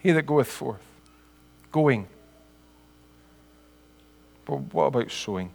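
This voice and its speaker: A man's voice: medium pitch, expressive, slow, gravelly, darkish tone, long reverb tail. A middle-aged man with a Scottish accent preaching a sermon in an earnest, homely way, building to emphatic peaks.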